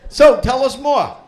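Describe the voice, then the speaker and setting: A man's voice: very high voice, a little mellow. A man doing a profane stand-up set, teasing the crowd in a comedy club. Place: comedy club before a live audience.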